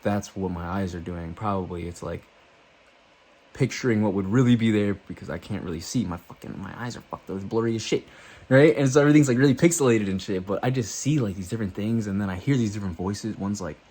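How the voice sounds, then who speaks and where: A man's voice: lowish voice, fast, darkish tone, husky. A man vlogging, telling a loose, profane story to the camera and acting out what he thought and said.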